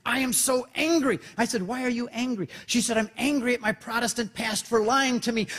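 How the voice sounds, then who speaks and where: A man speaking to an audience in a large hall with a long echo trailing after his words. His voice sits high for a man, and he tells his story with animation, popping in and out of quick acted voices. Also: a bit bright, breathy edge. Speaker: Catholic speaker. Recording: reverberant hall.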